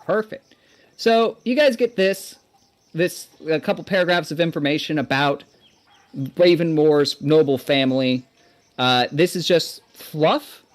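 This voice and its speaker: A man's voice: on the high side, measured pace. A man narrating as game master in a casual, chatty way.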